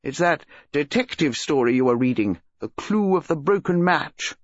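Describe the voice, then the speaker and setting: A reader voicing a grumbling, sleepy old English colonel who speaks gruffly and dismissively, in a dull lo-fi storybook recording. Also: mid-range voice, huge pitch swings, moderate pace, dry recording, heavily acted.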